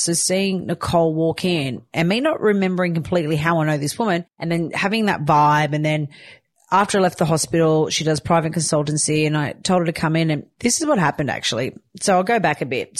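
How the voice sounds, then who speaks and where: A woman's voice: low-pitched, no room sound. A young woman speaking earnestly and directly to viewers in a casual personal vlog. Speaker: psychic medium and new mother sharing her story.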